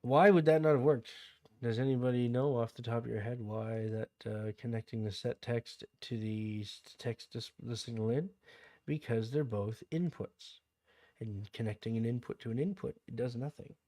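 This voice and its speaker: A man's voice: medium pitch, fairly even intonation, normal speed, mellow. A young adult man with a Canadian accent hosting a casual game livestream, rambling into side stories and answering chat. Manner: rambling, digresses into anecdotes, reads chat aloud. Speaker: livestream host.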